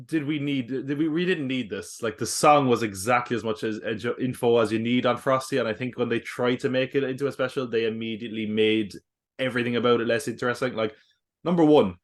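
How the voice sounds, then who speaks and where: A man co-hosting a podcast, a schoolteacher, critically picking apart a film in casual chat. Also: mid-range voice. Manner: critical, picks apart the plot. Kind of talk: casual movie review chat.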